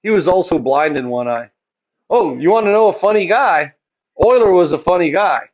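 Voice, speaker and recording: A man's voice: high voice, animated, moderate pace, highs cut off. A man teaching a math class, chatty and joking, asking his students questions and answering them himself.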